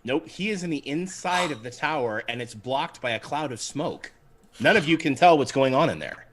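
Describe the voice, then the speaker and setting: A man running a tabletop game as game master, narrating scenes and rulings in a playful, animated way. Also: on the high side, normal speed.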